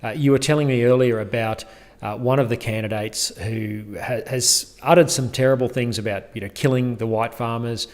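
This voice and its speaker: A man, hosting an interview, measured and giving brief affirming murmurs. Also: medium pitch, steady tone, a little mellow. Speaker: host. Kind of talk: conversational interview.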